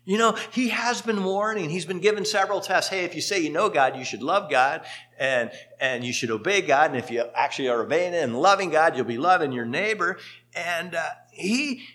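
A man preaching a sermon as pastor, telling stories with sudden lively rises in pitch and volume. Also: normal speed.

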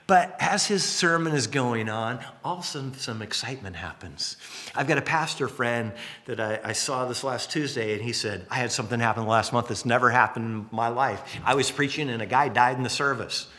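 A pastor preaching a sermon, telling the story casually and acting out quotes and jokes along the way. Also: male voice, mid-range voice, fairly quick. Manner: lively storytelling with acted-out quotes and asides.

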